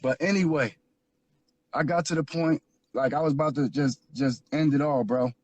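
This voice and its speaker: A man's voice: a little high, steady tone, moderate pace, a little mellow, no room sound, muffled recording. A man from Philadelphia telling his life story as an interview guest, earnest and repetitive, building into preaching. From Philadelphia, USA. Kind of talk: emotional personal testimony.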